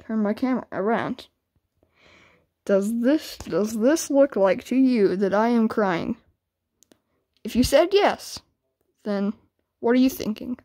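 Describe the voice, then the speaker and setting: A woman's voice: on the high side, lively intonation, slow pace, long pauses, mellow. A woman YouTuber arguing and taunting in a game voice chat, exasperated and argumentative. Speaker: gaming YouTuber.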